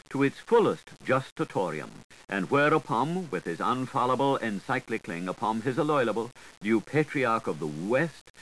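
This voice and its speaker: A man's voice: mid-range voice, fairly bright tone, slight background noise, poor audio. A man giving a literary reading, delivering dense wordplay with theatrical, sing-song intonation. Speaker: reader.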